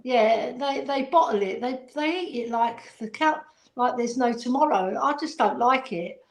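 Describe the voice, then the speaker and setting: A woman's voice: fairly high pitch, a little slow, reverberant. A woman from Greece chatting casually on a comedy panel show, laughing often and sounding amused. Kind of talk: casual banter.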